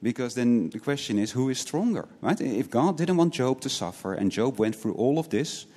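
A man with a medium-pitched, slightly mellow voice preaches earnestly at a normal speed, his delivery animated. He often repeats words as he restarts and poses many rhetorical questions, capping points with "right?" Long hall reverb trails his words.

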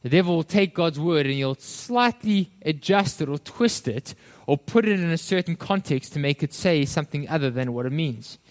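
A male pastor preaching a sermon, addressing listeners as friends and acting out the quoted voices with animated shifts. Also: a little high, moderate pace, hardly any pauses.

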